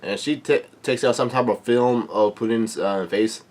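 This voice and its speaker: A man reading a comic aloud for a reaction video, halting, with many fillers and restarts. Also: mid-range voice, a little mellow.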